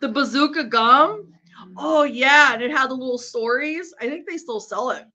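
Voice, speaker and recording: This live stream host is a woman with a high, bright, forceful voice speaking at normal speed. She chats and rambles while watching a game, laughing plenty and swearing freely, and the recording is dull and lo-fi.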